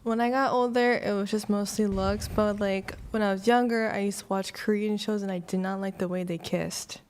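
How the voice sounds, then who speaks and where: A woman's voice: mid-range voice, steady tone, normal speed, a little mellow, slight background noise. A married woman on a dating panel, giving short plain answers. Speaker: guest panelist. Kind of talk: casual chat.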